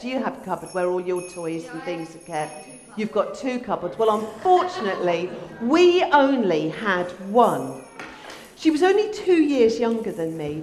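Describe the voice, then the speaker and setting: A woman leads a children's address in church, telling a story in a gentle way. Her voice is fairly high and swings up and down a lot, and she takes her time. The sound carries a long, roomy church-hall echo. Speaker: children's talk leader. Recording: echoey hall with long reverb.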